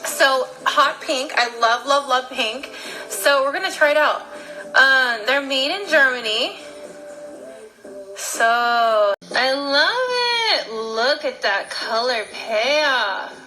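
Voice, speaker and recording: A woman's voice: high voice, expressive, takes it slowly, sharp tone, faint music behind, low-quality recording. A young woman chatting casually through a makeup unboxing, bubbly and gushing about each product. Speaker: beauty vlogger.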